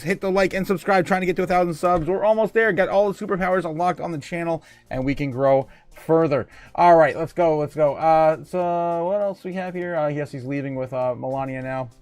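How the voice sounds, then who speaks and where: A man's voice: on the high side, normal speed, hardly any pauses, no echo. Chatty livestream host, man, dry close sound. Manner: chatty, laughs often, reads chat aloud, many fillers. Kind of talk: casual livestream chat.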